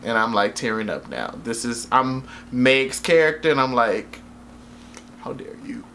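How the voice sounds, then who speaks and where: A man's voice: medium pitch, normal speed, a bit bright, a little hiss or hum. A young man recaps a movie in a loose, rambling way. His talk is slangy and profane, packed with fillers. He often breaks into laughter at his own jokes. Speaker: vlogger reviewing a movie. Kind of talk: casual spoken movie recap.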